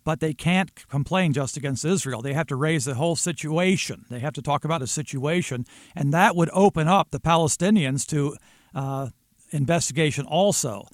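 A man giving legal commentary on a talk radio show in a measured, explanatory way. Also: on the high side, no echo, studio quality. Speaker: legal analyst guest.

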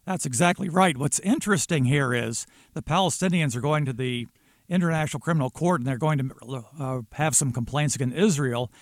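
A man giving legal commentary on a talk radio show in a measured, explanatory way. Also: on the high side, no echo, clean studio sound. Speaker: legal analyst guest.

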